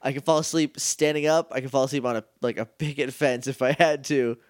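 A young man co-hosting a podcast, recapping a TV episode in casual chat and dropping into quick goofy character voices. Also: mid-range voice, fairly even intonation, smooth, dry recording, clean studio sound. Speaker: podcast co-host.

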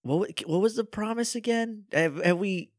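A man's voice: sits high, moderate pace, no echo, clean studio sound. A man co-hosting a podcast in casual chat, reacting with wry jokes. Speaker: podcast co-host.

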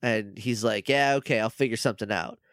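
A young man co-hosting a podcast, chatting casually and acting out characters' lines in quick voices. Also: on the low side, fairly bright tone, no room sound, clean studio sound. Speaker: podcast co-host. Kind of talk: casual recap chat.

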